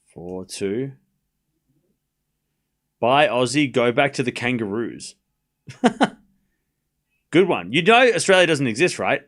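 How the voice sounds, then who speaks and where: A man hosting a live tennis watchalong stream, calling points play-by-play and bantering sarcastically with chat, swinging from muttered score updates to shouted calls. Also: medium pitch, very animated, slow, pauses often.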